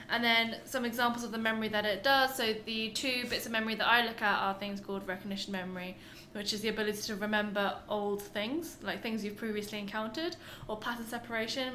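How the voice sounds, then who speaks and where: A woman's voice: mid-range voice, steady tone, sharp tone, slight background noise. A woman co-hosting a casual science podcast, explaining a research paper and laughing often. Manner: explanatory, giggly, quick to laugh.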